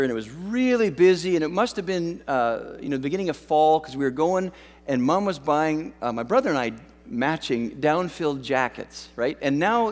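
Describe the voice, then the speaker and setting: A pastor from Western Canada with a high, light voice preaches in a loose, conversational way and pokes fun at himself as he tells a childhood story. His words ring out with a long reverb, as if in a large church hall. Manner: conversational storytelling with self-deprecating humor. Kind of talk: sermon.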